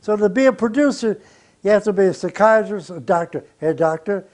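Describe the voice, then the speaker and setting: Older man, high-voiced, bluntly storytelling. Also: fairly quick. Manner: animated anecdotal, blunt and profane, with chuckles. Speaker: record producer. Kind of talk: interview storytelling.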